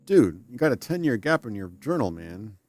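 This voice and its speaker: A man's voice: mid-range voice, big pitch swings, moderate pace, darkish tone. A man streaming a game live, chatting casually in a rambling, ranting way with lots of restarts, and reading in-game text aloud.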